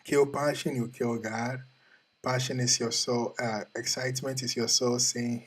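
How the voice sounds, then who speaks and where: Casting: male host, husky voice, earnest motivational speaker who keeps repeating questions straight to camera. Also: medium pitch, level tone, measured pace, low-quality recording. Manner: earnest, repetitive, questioning the listener. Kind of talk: motivational talk.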